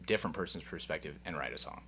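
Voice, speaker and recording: An eager, agreeable man co-hosting a casual interview. His voice sits very low, and a faint hum runs underneath. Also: very fast, gravelly, sharp tone. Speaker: podcast co-host.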